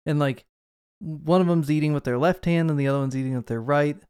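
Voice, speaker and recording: A man's voice: on the high side, a little fast, a little mellow, clean tone, no echo, studio quality. A man co-hosting a podcast, talking through a movie in a rambling, casual way with lots of asides. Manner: chatty, rambling with fillers and asides. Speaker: podcast co-host.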